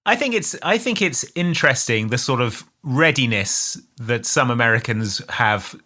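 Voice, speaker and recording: Bright-toned man with dry wry asides. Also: mid-range voice, animated, normal speed. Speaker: podcast co-host. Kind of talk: casual comedic recap chat.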